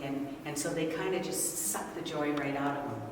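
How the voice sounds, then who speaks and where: Brief: older woman workshop speaker, lowish voice, lively with the audience, distant mic in a big echoey hall. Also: normal speed. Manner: animated, asks the audience questions. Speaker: speaker leading a parent workshop. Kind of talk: interactive talk to an audience. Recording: echoey hall from far off, noisy.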